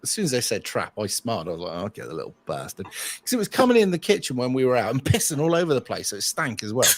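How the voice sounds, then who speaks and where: A man, telling a crude anecdote in casual chat on a stream, sweary and animated, often adding "right?". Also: mid-range voice, quick pace, slight background noise. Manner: profane, animated, frequent "right?" asides. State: tired from lack of sleep. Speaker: stream co-host.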